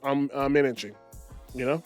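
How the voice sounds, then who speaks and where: A man's voice: medium pitch, fairly even intonation, moderate pace, darkish tone, no echo, soft background music. A man co-hosting a podcast in casual chat, blunt and provocative. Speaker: podcast co-host.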